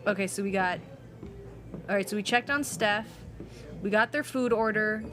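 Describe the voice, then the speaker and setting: A young woman streaming a video game who comments in an excitable, chatty way and talks to her chat. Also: mid-range voice, moderate pace, over music. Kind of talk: casual live-stream commentary.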